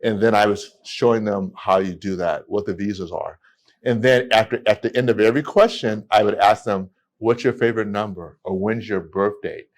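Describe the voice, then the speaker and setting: A man, a podcast guest telling stories in a lively way with many restarts. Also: lowish voice. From United States. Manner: animated storytelling with many restarts. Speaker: guest, immigration attorney. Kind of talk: casual podcast conversation.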